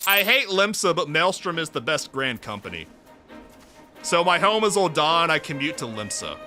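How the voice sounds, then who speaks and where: A man streaming a game, excitable and profane, reacting loudly and reading dialogue aloud. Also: a little high, moderate pace, faint music behind. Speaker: VTuber streamer. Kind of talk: casual gaming stream.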